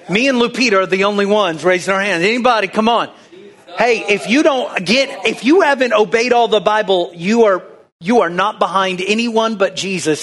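A man's voice: high voice, a bit bright. A man preaching a folksy, conversational sermon, drawing the congregation into call-and-response. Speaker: pastor.

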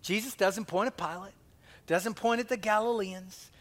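A man's voice: high-pitched, moderate pace. A male pastor preaching a conversational sermon, asking the congregation questions and acting out quotes.

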